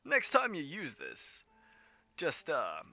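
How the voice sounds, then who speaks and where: A man's voice: a little high, wildly swooping pitch, heavy background noise, voice pushed up, heavily acted. A man voicing a flamboyant, vain male bard who dotes on his lover, stretching out his lines theatrically. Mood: doting. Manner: theatrical, affectionate, drawn-out lines. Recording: muffled lo-fi audio.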